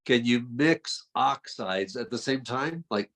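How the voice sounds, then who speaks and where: A man's voice: medium pitch, animated, takes it slowly, a bit bright. A man hosting a video call interview, passing on viewer questions in an informal, hesitant way. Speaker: host.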